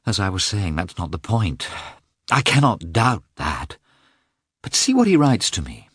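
A man's voice: deep voice, sing-song, measured pace, husky, no room sound, studio quality, pitched above the performer's own voice, full character voice. A man reading the part of an anguished young noblewoman who speaks in a trembling voice, in an audiobook.

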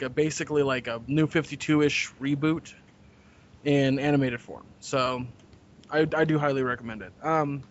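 A man co-hosts a casual podcast, chatting with a joking, wry tone. His voice sits a little high, and the lo-fi recording sounds dull. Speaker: podcast co-host. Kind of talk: casual chat. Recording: dull lo-fi audio.

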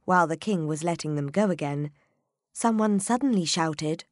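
A woman narrating a children's storybook in a measured, expressive reading. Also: deep voice, no room sound, studio quality.

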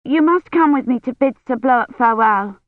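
A woman's voice: sits high, moderate pace, no echo, voice pushed up, close to an everyday voice. A woman narrator voicing a frightened young noble girl who speaks stiffly and pleadingly. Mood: tense. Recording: dry, dull lo-fi audiobook recording.

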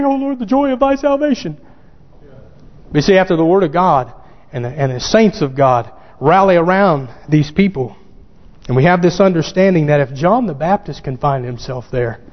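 A man preaching a sermon, fervent and growing excited as he quotes scripture. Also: on the high side. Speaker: pastor. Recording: dull lo-fi sound with long hall reverb.

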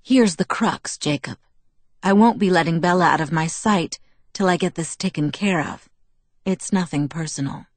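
A woman voicing a calm, perfectly polite young male vampire in an audiobook reading, speaking in a measured way. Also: fairly low pitch, no echo. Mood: composed.

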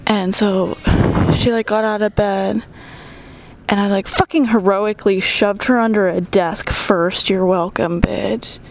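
A woman's voice: mid-range voice, steady tone, measured pace. A young woman telling a story in casual chat, profane, often dropping into whispered asides while doing squats.

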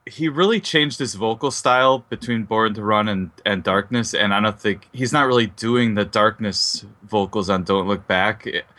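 A man's voice: lowish voice, normal speed, hardly any pauses, sharp tone. A man co-hosting a podcast, chatting enthusiastically about music with lots of fillers. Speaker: podcast co-host. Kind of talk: casual music discussion.

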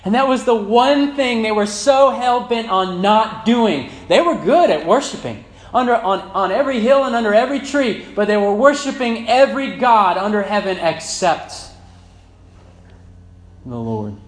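A man in his thirties preaching a sermon as pastor, moving between loud fervent emphasis and soft reflective passages. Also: high-pitched, lively intonation, normal speed, hardly any pauses. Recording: echoey church room with faint hum.

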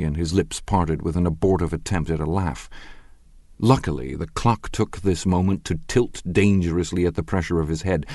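A man narrating an audiobook in a measured, wry storytelling manner. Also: deep voice, creaky, a little mellow, no room sound, clean studio sound. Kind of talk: scripted narration.

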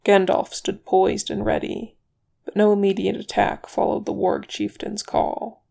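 Slow, gravelly storybook reader. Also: medium pitch, monotone, mellow. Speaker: audiobook reader. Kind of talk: reading fan fiction aloud.

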